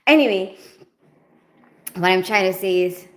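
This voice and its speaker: A woman's voice: mid-range voice, a little slow. A woman from the Philippines with a mixed Filipino and British accent, hosting a livestream, chatting casually as she reads viewers' comments and laughing often. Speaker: livestream host. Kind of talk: casual live chat reading comments. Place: home, lit for camera.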